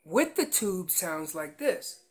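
Man, guest instructor, elk-calling lesson, step-by-step explanations, emphatic, animated delivery. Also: high voice, slow pace. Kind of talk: instructional demonstration.

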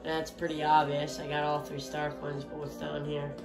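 A young man giving casual let's-play commentary, chatty and excitable, a little hoarse as he gets his voice back. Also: on the high side, normal speed. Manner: chatty, excitable reactions to the game. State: hoarse, recovering from losing his voice. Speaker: gameplay commentator. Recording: roomy room with game music.

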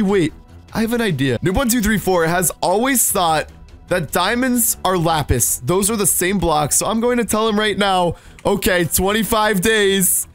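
A young man hosting a gaming video, giving excited commentary, exclaiming and laughing often. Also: sits high. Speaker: gaming channel host.

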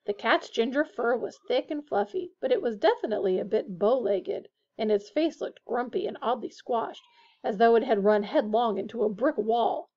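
A woman reading a children's fantasy novel aloud in a steady, expressive way. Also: fairly high pitch, moderate pace. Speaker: audiobook reader. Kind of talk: storybook narration. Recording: dull lo-fi recording.

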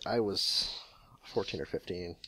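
A man's voice: low-pitched, measured pace, bright, forceful tone, husky, no room sound. A man from New England co-hosting a podcast, talking in opinionated casual chat and telling stories with acted inner voices. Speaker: podcast co-host.

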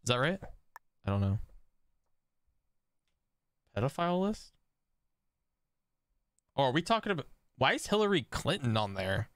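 A young man streaming an online strategy game, reacting excitedly to chat and laughing at other players. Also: medium pitch, measured pace, long pauses, dry recording. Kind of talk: live game stream commentary.

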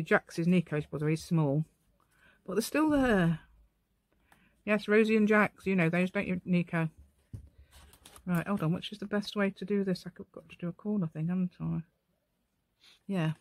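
An English craft channel host, middle-aged and tired, leads a laid-back tutorial from her home, rambling and talking to herself while she works. She speaks at a normal speed in a lowish voice, leaving long pauses.

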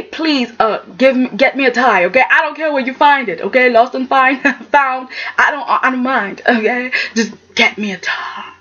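A woman's voice: a little high, muffled recording. A woman chatting casually and sassily through a recap, acting out the characters' lines as she goes. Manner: animated, sassy, acts out characters' lines. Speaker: soap opera recap vlogger.

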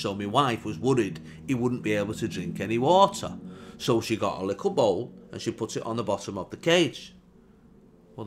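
A man's voice: on the low side, slight background noise. A man telling a comic story in a dry, mock-solemn way. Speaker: comedian. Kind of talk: deadpan comic monologue.

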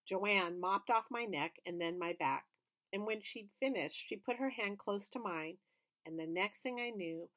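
Woman, children's book read-aloud, steady expressive narration, mid pitch. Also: unhurried. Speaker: storybook reader.

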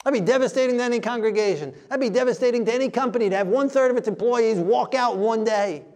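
A man with a very high-pitched voice delivers a sermon. He preaches forcefully and plainly, and he mocks the timid voices he quotes. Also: fast talker.

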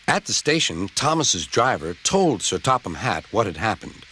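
A young man narrating a children's train story with a lively, expressive reading. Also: on the low side, normal speed, few pauses, husky. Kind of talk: storybook narration, fan remake.

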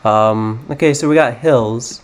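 A man's voice: mid-range voice, unhurried. A young American man giving casual, self-mocking commentary as he plays a geography guessing game, rambling and thinking aloud. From United States. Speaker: gaming YouTuber.

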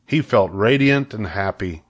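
An older man reading a children's book aloud with steady, clear storytelling. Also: fairly low pitch, measured pace.

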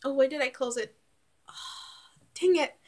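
A woman's voice: sits high, slow, darkish tone. A woman giving casual reaction commentary as a YouTuber, rambling with many fillers and fighting back tears.

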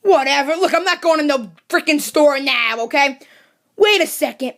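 A woman's voice: sits high, lively intonation, moderate pace, a bit bright. A woman voicing a cranky, overworked mushroom servant who rants sarcastically, in a comedy puppet skit. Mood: exasperated. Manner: exasperated ranting, sarcastic.

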